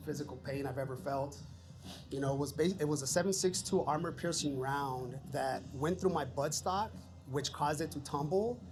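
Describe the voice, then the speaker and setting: A man who served in the Army, telling his war story in a casual podcast interview, candid and profane, sometimes laughing through grim details. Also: fairly high pitch. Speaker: podcast guest, Army veteran. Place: podcast studio.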